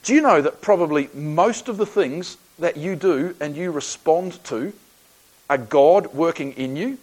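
A man's voice: a little high, expressive, measured pace, darkish tone, rough recording. An Australian man preaching a sermon, telling a personal story in a conversational, folksy way with frequent restarts.

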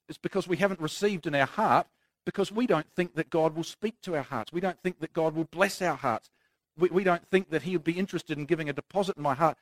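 A man's voice: a little high, dry recording. A man preaching a sermon in an earnest, conversational way with touches of self-deprecating humour.

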